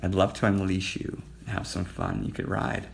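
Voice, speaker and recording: A man hosts a flirty livestream, chatting to viewers and naming them one by one. His voice sits low and gravelly, and it sometimes sinks to a near-murmur. A faint hiss runs under the phone-mic recording. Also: flat delivery, moderate pace. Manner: flirtatious, addressing viewers by name, drops to murmurs. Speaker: livestream host.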